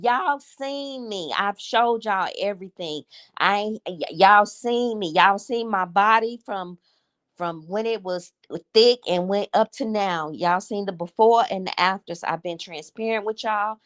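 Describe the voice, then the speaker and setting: A woman's voice: medium pitch, measured pace. A woman, hosting a candid livestream chat and confiding in her viewers with emotion. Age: 50s. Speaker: livestream host. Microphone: streaming setup.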